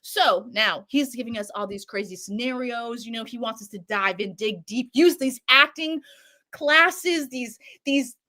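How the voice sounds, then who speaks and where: A woman co-hosting, recapping a show in a casual, animated way, swearing and acting out lines. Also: a little high, measured pace. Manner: animated, swears a lot, acts out quotes. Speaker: show co-host recapping a series.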